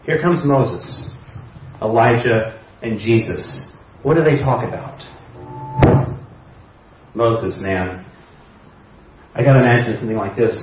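A man's voice: mid-range voice, slow, long pauses. A man preaching a sermon, retelling a story conversationally with imagined dialogue. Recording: echoey hall, distant mic, dull sound.

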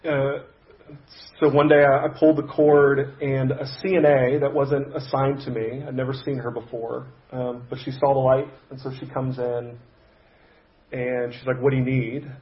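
A man pastor telling a personal story in a sermon, conversational and halting, with frequent restarts. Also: medium pitch, flat delivery, roomy sound, highs cut off. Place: church sanctuary.

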